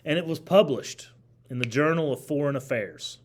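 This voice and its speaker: A man teaching history to a class, his voice sitting slightly high as he lectures. He talks animatedly, throwing questions at the students and repeating the phrases he wants them to remember. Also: expressive, normal speed.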